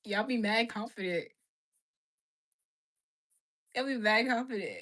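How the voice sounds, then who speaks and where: A woman in her twenties chats on a casual livestream. She speaks frankly and bluntly in loose slang, with easy laughter, and her voice comes across bright and crisp. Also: fairly high pitch, takes it slowly. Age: 20s.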